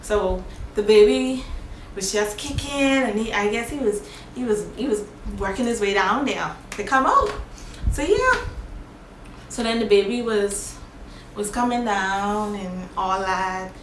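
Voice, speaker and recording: A woman vlogger telling a personal story in a casual, animated, plain-spoken way. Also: mid-range voice, a little slow. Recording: echoey room, faint background noise.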